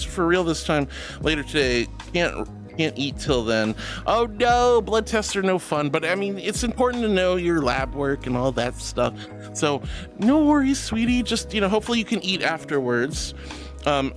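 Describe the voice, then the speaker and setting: Male streamer, high and very lively pitch, affectionate toward viewers. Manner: affectionate, calls viewers sweetie and honey. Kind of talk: live stream chat reading.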